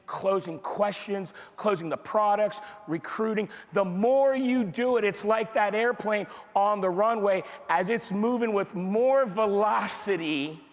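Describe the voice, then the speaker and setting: A man with a high voice leads a motivational sales training for a live crowd. He repeats his points over and over, fires rhetorical questions and acts out dialogue. His voice rings with the long reverb of a big hall. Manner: energetic and repetitive, drives points home with rhetorical questions. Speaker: sales team leader giving a motivational training talk. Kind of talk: motivational speech to a live audience. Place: large room with an audience.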